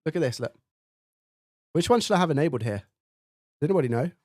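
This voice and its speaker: A man's voice: fairly high pitch, expressive, fast talker, dark tone, no echo. Man streaming live, dry close mic. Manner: thinks aloud, repeats mic checks, reads viewer chat. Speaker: live-stream host testing his mic. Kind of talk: casual live-stream chat. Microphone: studio dynamic mic, close up.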